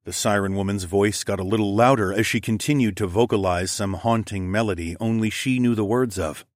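A man narrating first-person fiction in a steady, measured storytelling way. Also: lowish voice, dry recording, clean studio sound. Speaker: audiobook narrator.

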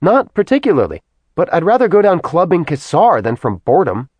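Man putting on a sarcastic young woman, high voice, fast quips, audiobook, dry sound. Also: sing-song, darkish tone, breathy edge, no echo. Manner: mocking, quick wisecracks.

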